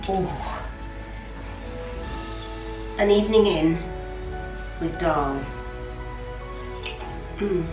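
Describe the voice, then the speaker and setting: A woman's voice: on the low side, slow, long pauses, music in the background. Chatty middle-aged woman vlogging at home. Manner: chatty, self-deprecating, enthusiastic about food. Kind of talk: casual vlog chat while cooking. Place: home kitchen. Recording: roomy, distant camera sound with faint background hum.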